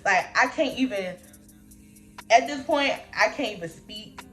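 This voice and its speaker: A young woman vlogger telling a personal story in a casual, slangy, animated way, laughing often as she talks. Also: fairly high pitch, a little slow, faint music behind.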